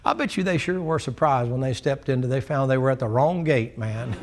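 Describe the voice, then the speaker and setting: A man's voice: medium pitch, fairly quick. A man preaching a sermon in a church, folksy and plainspoken, acting out the dialogue of the people in his story. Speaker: pastor. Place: church sanctuary.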